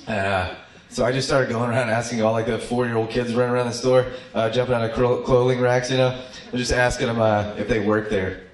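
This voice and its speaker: A male stand-up comedian on a club stage, delivering deadpan one-liners with small dry asides. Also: mid-range voice, brisk. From Austin, Texas. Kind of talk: stand-up set. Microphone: handheld stage mic. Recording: echoey club with crowd laughter.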